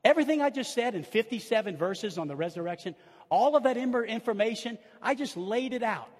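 An older man preaching a sermon in old-timey style, moving between hushed storytelling and shouted exclamations. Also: high-pitched, animated, a little fast. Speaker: pastor. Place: church sanctuary. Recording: long reverb of a large church hall.

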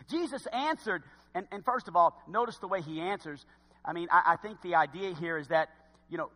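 Animated male preacher in an echoey hall. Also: fairly high pitch, a little fast. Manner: animated, swings from loud to hushed. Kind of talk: sermon.

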